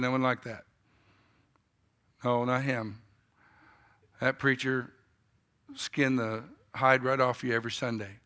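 A man in his fifties preaching a sermon, telling a story in a style that moves from quiet reflection to loud, animated telling. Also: medium pitch, a little slow, long pauses. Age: 50s.

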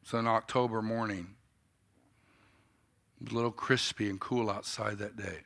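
A man in his fifties preaching a sermon, telling a story in a style that moves from quiet reflection to loud, animated telling. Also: on the low side, normal speed, vocal fry. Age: 50s.

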